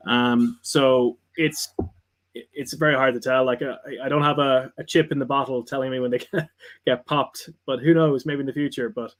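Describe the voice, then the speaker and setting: A man speaking as a guest on a casual livestream, rambling and often restarting his sentences. His voice sits at an ordinary middle pitch. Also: fairly even intonation. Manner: rambling, halting, many restarts. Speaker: whiskey maker guest.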